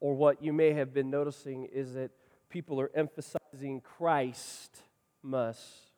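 A man preaching a sermon as pastor, swinging between loud passionate lines and quiet ones. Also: medium pitch, little pitch movement, normal speed, in a large hall.

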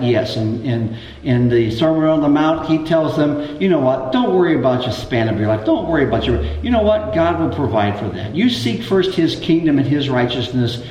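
Animated preacher in an echoing hall. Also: male voice, lo-fi sound. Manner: animated, acts out scripture quotes with rising pitch. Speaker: pastor. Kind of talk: sermon. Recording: echoey hall, voice from far off.

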